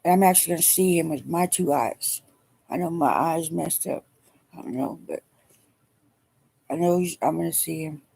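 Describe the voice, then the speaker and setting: Middle-aged woman vlogging, dark husky voice, halting and tired sounding. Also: low voice. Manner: halting, emotional, weary. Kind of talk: personal video diary.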